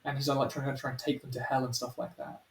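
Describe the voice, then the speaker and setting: A man's voice: mid-range voice, flat delivery, fast, far from the mic. A man hosting a podcast, chatting casually and rambling with crude jokes and laughs. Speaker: podcast host. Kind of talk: casual chat. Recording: echoey room with faint noise.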